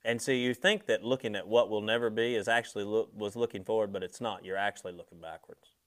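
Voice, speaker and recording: A man preaching a sermon in a conversational way, slowing and stressing key words, then dropping softly on asides to his listeners. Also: on the low side, steady tone. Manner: slows and swells on key words, drops soft on asides; conversational, speaks directly to listeners.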